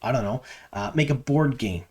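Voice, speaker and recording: A man talks straight to his audience about the latest fan news, at a middle pitch. He is chatty and opinionated, with plenty of ums and uhs along the way. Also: moderate pace. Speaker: fan news channel host. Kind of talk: casual solo commentary to camera.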